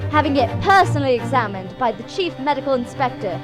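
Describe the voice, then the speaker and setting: A woman's voice: high-pitched, animated, fast talker, music in the background. A woman voicing a stiff, formal male police inspector who reports in clipped, official phrasing.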